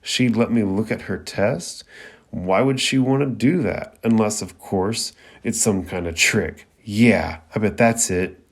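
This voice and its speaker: A man with a fairly low voice, reading the frantic inner thoughts of a panicky teenage boy ninja. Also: a little slow. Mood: worried.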